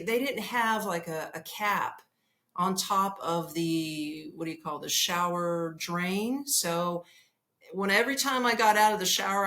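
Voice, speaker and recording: A woman hosting a podcast, telling a comic travel story in an animated, profane way and laughing as she goes. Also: on the low side. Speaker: podcast host.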